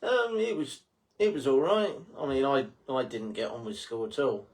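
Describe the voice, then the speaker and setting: Bloke as a guest, lots of ums, kinda hesitant, just chatting. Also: male voice, medium pitch, big pitch swings, moderate pace, darkish tone. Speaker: podcast guest. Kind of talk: casual podcast chat.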